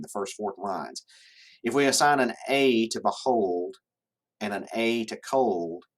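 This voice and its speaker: Lower-voiced man lecturing a class. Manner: explanatory, checks in with "right?". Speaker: teacher. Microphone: camera in classroom.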